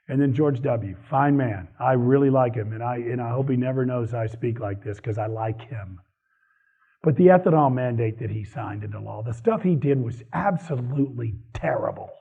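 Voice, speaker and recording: A man giving a live talk to an audience, animated and opinionated, laughing between points. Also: medium pitch. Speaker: speaker on economic policy. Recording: husky voice over a tinny phone-like line.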